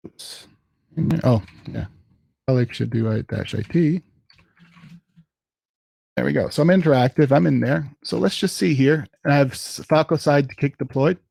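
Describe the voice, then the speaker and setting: A man giving a casual live software demo at a tech meetup, thinking aloud as he types commands. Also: mid-range voice, normal speed, gravelly, pauses often, dry recording, studio quality.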